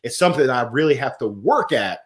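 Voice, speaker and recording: A middle-aged man hosting a live motivational stream, reading viewer comments aloud in an upbeat, animated way. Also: mid-range voice, a little fast. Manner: upbeat and animated, swinging from soft to loud. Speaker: host of a weekly motivational livestream.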